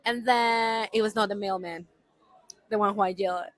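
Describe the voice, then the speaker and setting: On a low-quality recording, a medium-pitched woman speaks at a normal speed. She's in her thirties and is guesting on a podcast, where she recounts a funny story in lively, casual talk with non-native grammar, frequent laughter, and plenty of repetition.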